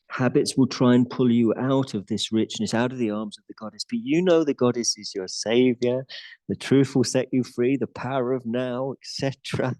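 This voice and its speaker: A man's voice: mid-range voice, a little mellow, poor audio. A man guiding a live yoga class in a studio, chatty and playful, laughing often. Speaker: yoga teacher.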